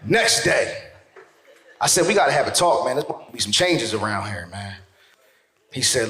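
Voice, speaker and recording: A man doing stand-up comedy, telling a story to a live crowd, loud and animated, jumping into shouted character voices. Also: medium pitch, a little fast, long pauses. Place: stage in a theater. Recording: echoey theater with faint noise.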